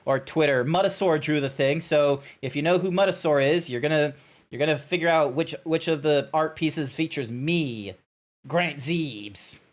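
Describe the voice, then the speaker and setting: A man's voice: on the high side, moderate pace, a little hiss or hum. A young Australian man chatting casually while streaming a game, rambling with restarts and frequent swearing.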